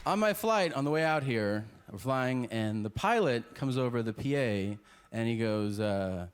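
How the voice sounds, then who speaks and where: Animated man doing stand-up. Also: mid-range voice, a little slow, a crowd in the background. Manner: storytelling with voices of people he describes. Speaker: stand-up comedian. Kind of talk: stand-up routine. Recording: noisy stand-up clip.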